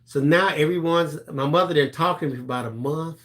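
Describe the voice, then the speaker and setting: This middle-aged man, speaking high and slightly fast, is one of the co-hosts on a live crafting stream. He spins an animated tale in relaxed conversation, voicing each person in it and laughing as he goes.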